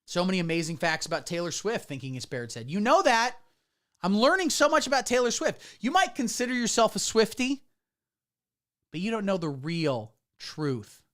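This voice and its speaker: Male comedian streamer, crude absurd rant, lively swinging pitch, reads chat comments aloud. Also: moderate pace. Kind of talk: satirical livestream rant.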